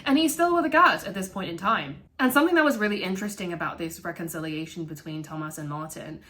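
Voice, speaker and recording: A woman giving casual film commentary, animated and profane, often laughing. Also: on the low side, quick pace. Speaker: vlogger reviewing a film.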